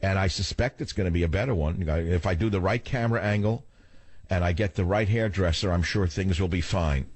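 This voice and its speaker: A man's voice: sits low, brisk, a little mellow, no room sound. An older man hosting a talk radio show, theatrical and wisecracking, chatting with callers and musing on air. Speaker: radio host. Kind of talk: talk radio chat and monologue.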